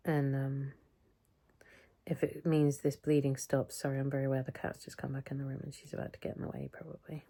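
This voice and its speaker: A woman's voice: very deep voice, little pitch movement, fairly quick, dark tone. A middle-aged British woman talking through a casual weekly health update vlog, rambling and chatty, often interrupting herself. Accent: British English. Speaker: vlogger.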